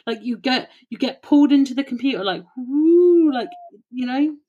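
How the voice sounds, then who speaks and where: A woman co-hosting a podcast in casual chat, animated and swearing freely as she spins playful theories. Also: high-pitched, moderate pace, lo-fi sound. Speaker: podcast co-host.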